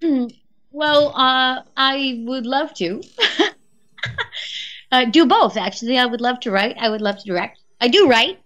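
A woman's voice: sits high, measured pace, long pauses, fairly bright tone, dull audio. Chatty, laughing woman guest. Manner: chatty, laughs often, storytelling. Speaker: guest voice actress. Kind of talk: casual chat.

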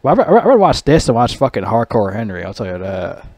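A man's voice: lowish voice, very animated, quick pace, darkish tone, dry recording. A man giving a casual, rambling movie review, swearing a lot and laughing at his own jokes. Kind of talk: casual rant.

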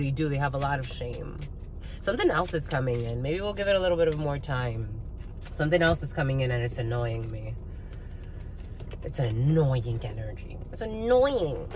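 A woman giving a tarot reading to her viewers, blunt and profane, ranting with bursts of laughter and calling them "my lovies.". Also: low-pitched. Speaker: spiritual reader.

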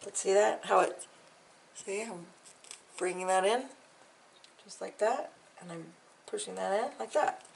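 A woman's voice: medium pitch, measured pace, creaky, pauses often, recorded from a distance, a little hiss or hum, poor audio. A woman hosting a casual real-time coloring tutorial, chatty and encouraging, trailing off and repeating words as she works. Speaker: art tutorial host.

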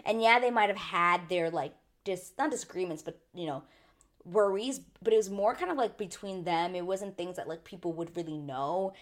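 A woman recapping a reality show in casual chat, animated and laughing, slipping into quick voices when quoting people. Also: lowish voice. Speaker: TV recap host.

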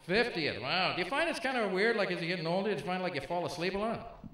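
A man in his fifties performs stand-up comedy, working the crowd with punchy, teasing quick jokes. His voice sits high and sounds bright and forceful, with lively intonation. Recorded live in an echoey club, it carries crowd noise and audience laughter.

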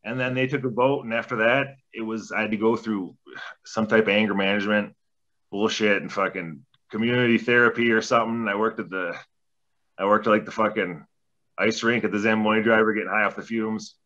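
Ex-athlete, male, 40s, relaxed profane storyteller with a bright tone, recorded on dull lo-fi audio. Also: on the low side, fairly quick. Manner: laid-back, heavy swearing, rambling anecdotes. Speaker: podcast guest, former junior hockey player. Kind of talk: casual storytelling interview.

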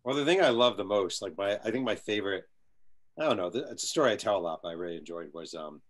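A man's voice: on the low side, animated, fast talker. A man being interviewed as an author, telling a long anecdote with energy and acting out the people in it. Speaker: guest author. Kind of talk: storytelling interview answer.

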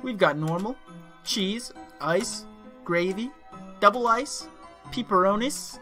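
Man putting on a peppy pizza mascot, pitched up, salesy game voice. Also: lively intonation, slow, sharp tone, faint music behind, full character voice. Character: cheery pizza mascot monster.

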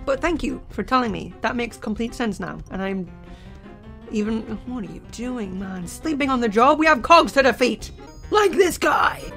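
Sitting at her computer and speaking close into a desk mic, a let's play host narrates the game she's playing. Her voice is slightly high, and she gets excitable, quickly shouting and laughing at what happens on screen, with faint game music underneath.

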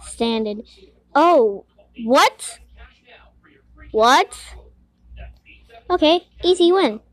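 A woman giving casual commentary while playing an online game, excitable, giggly and quick to get frustrated, talking to herself. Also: sits high. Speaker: gamer playing a Roblox game. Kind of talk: casual let's-play commentary.

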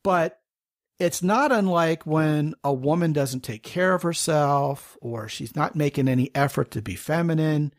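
A man's voice: on the high side, measured pace, no room sound, studio quality. A man hosting a podcast interview, talking frankly and checking that he understands his guest. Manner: frank, probing, lays out examples and checks understanding. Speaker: podcast host.

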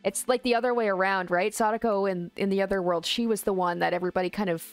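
A woman's voice: medium pitch, fairly even intonation, fast talker, no room sound, faint music behind. A woman reading a visual novel aloud and reacting casually between passages, with exclamations and musing asides. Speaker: let's play host.

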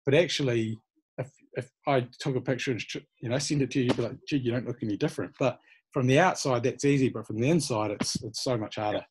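A man's voice: medium pitch, fast talker, slight background noise. A man, a personal trainer from New Zealand, giving easygoing, encouraging answers in an interview. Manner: encouraging, easygoing, many fillers.

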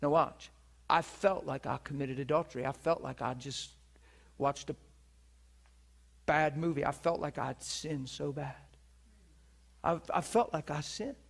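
A male preacher delivering a sermon with vivid storytelling. His voice sits a little high for a man and turns lively as he acts out scenes for his listeners. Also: a little slow, vocal fry, long pauses. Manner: animated, laughs at his own story, acts out the people in it. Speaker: preacher teaching on divine healing. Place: teaching session before a listening audience.

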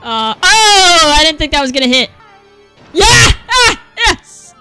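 A young woman giving excited commentary while playing a video game, yelling at the screen and muttering to herself. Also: very high voice, slow. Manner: animated, yelling at the game, swings from mutters to shrieks. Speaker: gameplay streamer. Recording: faint game music behind.

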